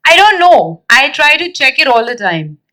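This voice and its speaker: A woman's voice: high-pitched, moderate pace, rough recording. A woman, chatting casually in a press interview and telling stories with lots of fillers. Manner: chatty, animated storytelling with fillers and laughs. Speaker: actress at a film press event.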